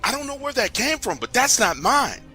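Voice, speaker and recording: Male narrator doing a shrill, panicking arrested man, frantic pleading. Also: sing-song, moderate pace, bright, forceful tone, soft background music, exaggerated voice. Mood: panicked. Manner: frantic high-pitched pleading.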